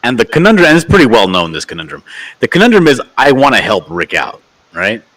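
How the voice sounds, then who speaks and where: A man's voice: medium pitch, huge pitch swings, fast, fairly bright tone, low-quality recording. Teasing, sardonic male co-host. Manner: teasing, sardonic, mock-indignant. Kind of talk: casual chat.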